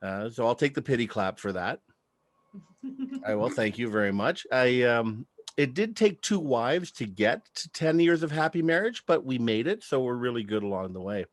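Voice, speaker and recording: A man's voice: medium pitch, animated, moderate pace, no room sound. A man in his thirties doing a stand-up comedy set, telling chatty stories with act-outs.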